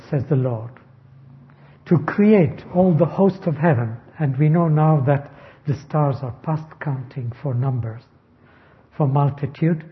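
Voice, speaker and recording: Slow, deliberate male preacher. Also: fairly high pitch. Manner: slow, deliberate, stressing key words. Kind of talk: expository sermon. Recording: dull lo-fi recording.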